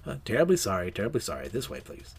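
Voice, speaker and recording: A man reading aloud a comic, voicing a sinister male hospital orderly who keeps apologizing in a hushed, falsely polite way. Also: mid-range voice, very animated, quick pace, slightly rough. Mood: creepy apologetic.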